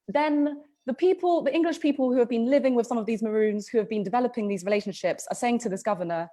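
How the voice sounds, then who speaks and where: A woman's voice: fairly high pitch, fast, hardly any pauses, warm tone. A woman co-hosting a history podcast, telling the story in a casual, chatty way with frequent ums and restarts. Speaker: podcast co-host.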